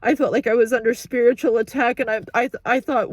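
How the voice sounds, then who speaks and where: A woman vlogger giving an emotional update while crying, talking in halting, broken sentences into a handheld phone. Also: fairly high pitch, steady tone, dry recording. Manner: halting, restarting sentences, overwhelmed. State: tearful, crying. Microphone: phone held in hand.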